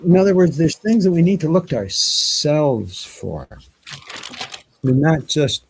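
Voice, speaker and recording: A man's voice: fairly high pitch, very animated, unhurried, a little hiss or hum, low-quality recording. A man hosting a live talk show, talking in a reflective, rambling way about responsibility and going inward. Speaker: host. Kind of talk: casual chat.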